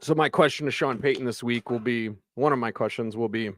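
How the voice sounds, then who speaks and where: A man hosting a live postgame sports show, reading viewer comments in excitable, chatty bursts. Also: mid-range voice, brisk, few pauses, no echo, clean studio sound. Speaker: sports radio host.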